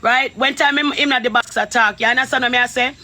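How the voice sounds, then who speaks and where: High, bright Jamaican woman ranting furiously. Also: steady tone, fast, a little hiss or hum. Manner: furious, cursing rant in patois. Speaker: caller on a live stream. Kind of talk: heated live stream argument.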